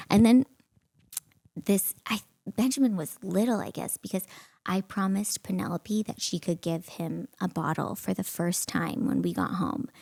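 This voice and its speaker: A woman in her thirties hosts a solo podcast and tells a personal story with animated exasperation, laughing now and then. Her voice is mellow and darker in tone, with a gravelly fry at the ends of phrases, recorded close and dry with no room sound. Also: medium pitch, no echo. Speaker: podcast host.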